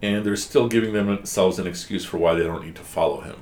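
A man's voice: fairly low pitch, a little fast, darkish tone. A man teaching a one-on-one class, explaining patiently and asking guiding questions.

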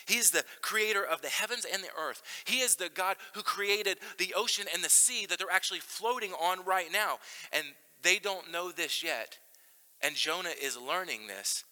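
A man preaching with a very bright, ringing, forceful tone that carries through a church. His delivery is emphatic and jumps between loud, pressing lines and near-hushed ones. The long reverb of the church hall trails behind his words. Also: high voice. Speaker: pastor. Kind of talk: sermon.

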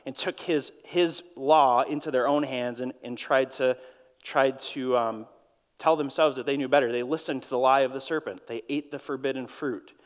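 A man with a Minnesotan accent preaching a sermon to his church, earnest and storytelling, often repeating words as he goes. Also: medium pitch. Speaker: pastor. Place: church auditorium. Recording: long reverb of a large hall.

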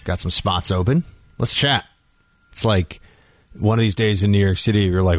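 A man's voice: on the low side, moderate pace, pauses often, no echo, soft background music. A man hosting a talk radio show from a studio, chatting loosely with asides and restarts. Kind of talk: casual talk radio chat. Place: radio studio in New York. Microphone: studio microphone.

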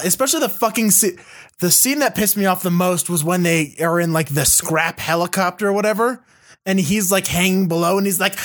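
A man co-hosting a movie podcast, ranting and swearing as he mimics characters in loud bursts. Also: high-pitched. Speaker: podcast co-host. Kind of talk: casual movie-review chat.

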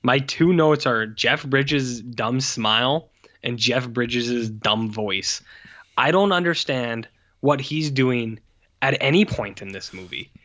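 A man's voice: mid-range voice, animated, a little slow, fairly bright tone. A man co-hosting a casual film review chat, blunt and scornful, swearing freely. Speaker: podcast co-host. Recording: dull lo-fi sound.

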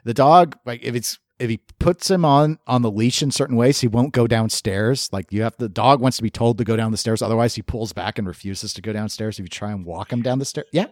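A man's voice: mid-range voice, brisk, few pauses, a little mellow, no echo, clean studio sound. A man co-hosting a podcast in casual chat, joking and laughing often. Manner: joking, laughs often, acts out silly quotes. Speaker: podcast co-host.

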